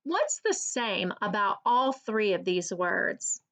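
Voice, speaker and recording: A woman teacher giving an early reading lesson for children, slowly and clearly sounding out each word. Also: medium pitch, big pitch swings, a bit bright.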